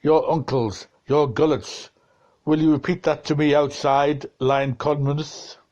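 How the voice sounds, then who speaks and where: Slow man reading aloud, dull recording. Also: a little high, fairly even intonation, darkish tone. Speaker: reader of a novel.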